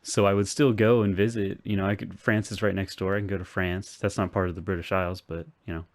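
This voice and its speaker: A man with a very deep voice chatting on a friends' podcast. He hosts in an easygoing, meandering style, full of ums and likes. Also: fast talker. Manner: relaxed, rambling, with many fillers. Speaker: podcast host. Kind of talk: casual chat.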